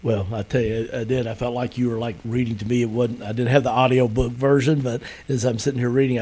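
A man's voice: medium pitch, warm tone, husky. A man hosting an interview, talking in a friendly, chatty way with frequent fillers. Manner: friendly, chatty, many ums and restarts. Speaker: interview host. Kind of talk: casual interview chat.

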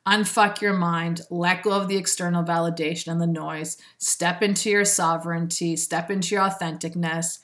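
Woman, lower register, self-help speaker; earnest, preachy delivery with laughter. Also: fairly even intonation, moderate pace, few pauses, a bit bright. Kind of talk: motivational monologue.

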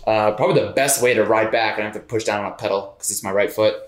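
A man on a podcast, telling a personal story in a casual, animated way and laughing as he goes. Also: lowish voice, fast talker. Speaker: podcast co-host. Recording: roomy echo.

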